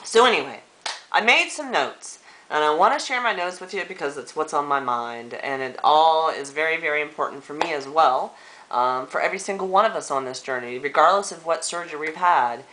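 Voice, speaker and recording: An earnest middle-aged woman speaks to her viewers in a personal vlog, halting and full of fillers. Her voice sits a little low, yet sounds bright, and her pitch moves a lot. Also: animated, slight background noise, rough recording. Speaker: vlogger. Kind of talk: emotional personal vlog talk.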